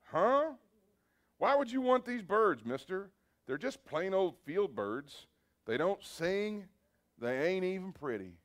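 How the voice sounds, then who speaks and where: A man's voice: high voice, very animated, slow, pitched above the performer's own voice, full character voice. A man voicing a blunt, streetwise little boy in a sermon story, talking in a plain folksy way. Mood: puzzled.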